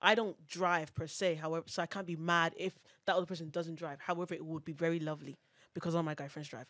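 A woman's voice: low voice, fairly even intonation, quick pace, a bit bright, no echo, clean studio sound. A young adult woman co-hosting a podcast, chatting casually and rambling with lots of fillers and hedges. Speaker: podcast co-host. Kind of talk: casual chat.

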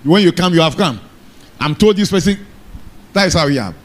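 A man's voice: on the high side, animated, brisk. A man preaching a sermon in church, often calling out to the congregation for an amen. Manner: call-and-response preaching, asks the congregation for amen. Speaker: pastor.

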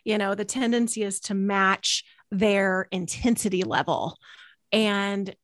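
A woman's voice: medium pitch, a little slow, a bit bright, no room sound. A woman hosting a parenting podcast, talking in long reflective run-on thoughts. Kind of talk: casual conversational chat.

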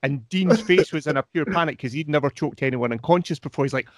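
A man's voice: fairly high pitch, fast talker, no room sound. Man, dry close sound. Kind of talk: casual chat.

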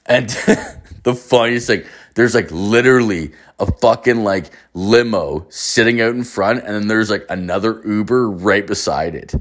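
A man hosts a podcast, talking in a lowish voice. He rambles casually through his story, swearing constantly and filling it with "like". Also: measured pace. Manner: rambling, heavy swearing, lots of filler "like". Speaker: podcast host.

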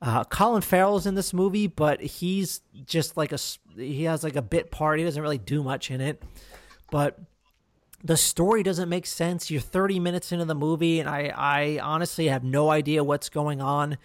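Male podcast host, a bit high-voiced, loose and sweary, riffing on movies in a dry, close recording. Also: moderate pace, no echo. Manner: rambling, profane, full of fillers and restarts. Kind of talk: casual film review chat.

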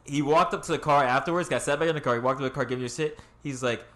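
Fast-talking young man telling a story. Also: mid-range voice. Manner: animated storytelling, acts out quoted voices, laughs often. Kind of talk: casual chat.

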